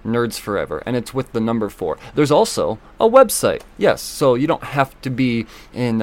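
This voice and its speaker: A man hosting a solo podcast, talking loosely and excitably, swearing often and filling gaps with ums and uhs. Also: medium pitch, moderate pace, hardly any pauses. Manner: loose, profane and excitable, with many fillers. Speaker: podcast host. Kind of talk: casual solo podcast talk.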